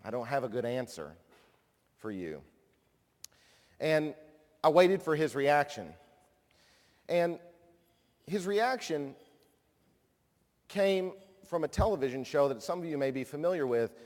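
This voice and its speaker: A man's voice: a little high, lively intonation, measured pace, pauses often, darkish tone. A man in his thirties giving a conference speech, telling a personal story with self-deprecating humor before he introduces a guest. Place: large conference hall. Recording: long hall reverb.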